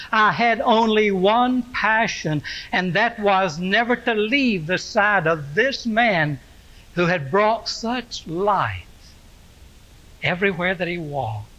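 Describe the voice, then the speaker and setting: A pastor delivering a slow, reflective first-person monologue as the apostle Simon Peter. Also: male voice, sits high, animated, bright, forceful tone, muffled recording. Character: Simon Peter, aging fisherman-apostle recalling his past.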